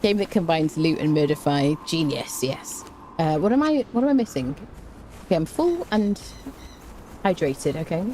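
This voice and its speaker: Woman game streamer, chatty and playful, warm lowish voice with lots of lilt, hums as she plays. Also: lively intonation, normal speed, a little hiss or hum. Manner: chatty, playful, hums and scats while playing; talks to chat, greets viewers. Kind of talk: casual gameplay commentary.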